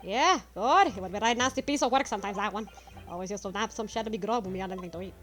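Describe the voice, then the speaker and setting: A woman's voice: medium pitch, very fast, a bit bright, soft background music, natural voice. A woman voicing a shifty male Cockney thief in a game playthrough, blustering and jeering. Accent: Cockney put-on.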